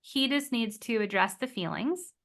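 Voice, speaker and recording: A woman therapist explaining relationship skills in a podcast interview, animated and acting out quoted lines. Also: a little high, moderate pace, creaky. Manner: animated, acts out quoted voices of clients. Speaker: marriage and family therapist guest.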